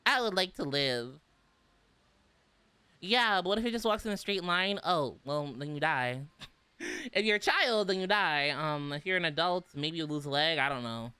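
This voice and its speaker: A man's voice: a little high, expressive, normal speed, bright, forceful tone, smooth, no room sound. A young man from the southern United States with an American accent, chatting casually on a livestream, giggly and full of "like"s. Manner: giggly, chatty, filler-heavy with many "like"s. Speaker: vtuber streamer. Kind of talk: casual livestream chat reading comments.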